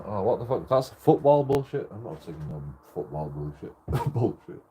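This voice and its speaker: Irish lad, casual streamer, dark mellow voice, laughs through every story, swears a lot. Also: male voice, fairly low pitch, big pitch swings, normal speed, slight background noise. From Ireland. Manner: laughs often through his stories, swears freely. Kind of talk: casual livestream chat.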